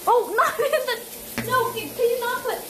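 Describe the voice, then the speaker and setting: A woman's voice: extremely high pitch, lively intonation, unhurried, a bit bright, poor audio. A woman streaming live, chatting and giggling while giving step-by-step directions. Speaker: streamer host. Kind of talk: casual live-stream chat.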